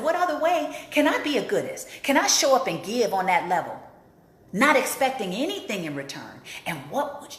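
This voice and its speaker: High-voiced woman giving an inspirational talk. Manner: warm, emphatic, repeats for emphasis. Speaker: host and life coach. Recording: roomy echo.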